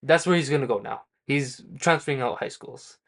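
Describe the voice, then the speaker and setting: A man's voice: medium pitch, brisk, creaky, a bit bright. Rambling man recapping a manga chapter. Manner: rambling, many fillers and self-corrections. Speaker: manga review channel host. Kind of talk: casual spoken chapter recap.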